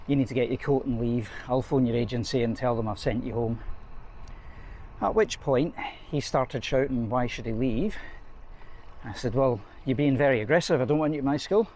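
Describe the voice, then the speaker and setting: A man's voice: mid-range voice, darkish tone. Chatty man telling a story on a bike. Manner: chatty, wry anecdotal storytelling. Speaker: head teacher and vlogger. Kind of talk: casual storytelling vlog while cycling. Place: outdoors on a bike along an urban road. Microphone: action camera mounted on a bike. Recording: faint street and traffic noise.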